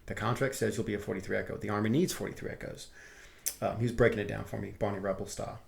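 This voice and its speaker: Gravelly-voiced man telling army stories. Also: on the low side, rapid-fire. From Texas. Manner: lively storyteller who acts out his quotes. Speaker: guest, army veteran. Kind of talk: casual storytelling interview.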